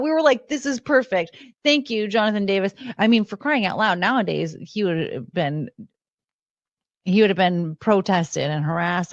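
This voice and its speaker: A woman's voice: lowish voice, no room sound, muffled recording. A tired woman hosting a livestream, chatting casually and self-mockingly to her viewers, laughing often. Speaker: livestream host. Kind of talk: casual rambling chat to viewers.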